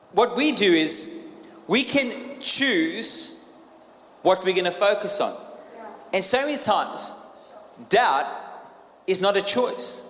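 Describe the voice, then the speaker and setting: A man's voice: high-pitched, a bit bright. A man preaching a sermon in an emphatic manner, repeating key phrases and asking the crowd questions. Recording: echoey hall with long reverb.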